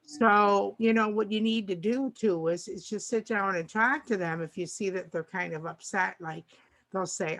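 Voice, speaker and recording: Older woman co-host, casual rambling chat, middle pitch, acts out dialogue. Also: moderate pace. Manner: rambling, warm, restarts often and acts out dialogue.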